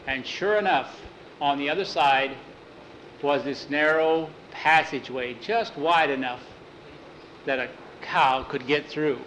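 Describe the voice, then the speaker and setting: A man's voice: on the high side, a little slow, fairly bright tone, slight background noise, low-quality recording. A man telling a story in a plain, folksy way, often repeating "he said". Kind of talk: told story with voices.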